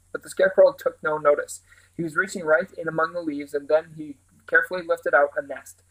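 A man reading a storybook aloud with steady, animated delivery and a few small restarts. His voice sits fairly high for a man. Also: fairly quick, low-quality recording. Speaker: reader.

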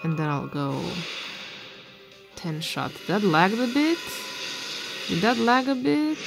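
A woman streamer casually commenting on her game pulls, excitable and swearing freely when surprised. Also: mid-range voice, takes it slowly, vocal fry, over music. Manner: excitable, swears and shouts in disbelief. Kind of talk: casual commentary while playing. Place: bedroom.

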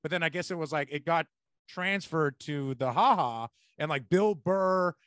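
A man hosting a comedy podcast, telling animated stories in casual chat and swearing freely. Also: fairly high pitch, normal speed, no room sound, studio quality. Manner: animated storyteller, swears a lot.

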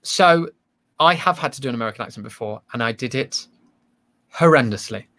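A man's voice: mid-range voice, expressive, a little fast, bright, forceful tone. A man, a stage actor, chatting casually in an interview, self-deprecating and full of restarts. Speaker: actor guest.

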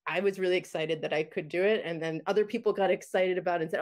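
A woman's voice: on the low side, steady tone, fairly quick, darkish tone. A woman filmmaker chatting about her experimental work, full of fillers, restarts and small laughs. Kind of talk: casual panel chat.

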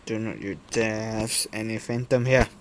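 A man narrates his game in slow, halting, broken English, stopping often for fillers. He talks back to the characters on screen and swears when annoyed. There is a steady hiss of noise under his voice on the recording. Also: lowish voice. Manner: broken, hesitant non-native English with fillers. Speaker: gameplay commentator. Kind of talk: casual gameplay commentary.

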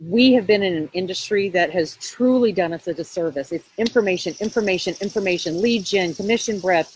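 A woman real estate coach speaking live to her viewers, pushing them with emphatic, repetitive encouragement and a sales pitch. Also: fairly quick, few pauses, a little hiss or hum, rough recording.

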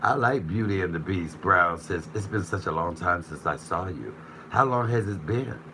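A man's voice: sits low, expressive, normal speed, pushed and bright, a little hiss or hum, low-quality recording. A man hosting a live cooking stream from his kitchen, chatting playfully with viewers as he reads their comments and jokes around. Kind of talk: casual live-stream chat reading comments.

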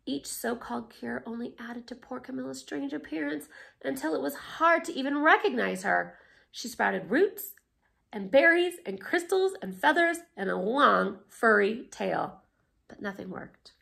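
A woman art teacher reading a picture book aloud with expressive, animated storytelling, then explaining a class project. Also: fairly high pitch, unhurried, vocal fry.

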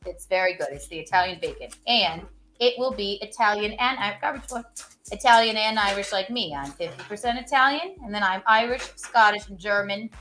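Cooking live for her viewers, a woman chats away, cracking jokes, rambling, and repeating silly catchphrases. Her medium-pitched voice sounds animated, pushed, and bright, and she talks fairly quickly.

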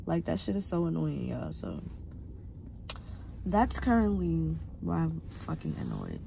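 A woman's voice: low-pitched, huge pitch swings, a little slow, gravelly. A woman in her twenties ranting bluntly to her viewers, swearing and tired. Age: 20s. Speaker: vlogger. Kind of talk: casual vlog chat to viewers. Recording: loud car noise.

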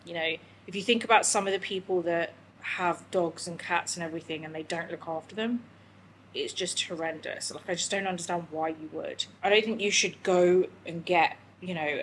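A woman's voice: lowish voice, steady tone, a little fast, a little hiss or hum, poor audio. A young woman chatting candidly in a vlog, emotional and tearful, rambling with lots of fillers. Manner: emotional, rambling, talks to her dog. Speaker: vlogger.

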